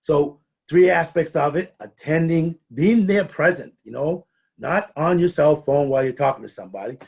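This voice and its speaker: A man's voice: on the high side, normal speed, vocal fry, darkish tone, husky. A middle-aged man giving a conversational training presentation, often restarting and repeating words as he talks.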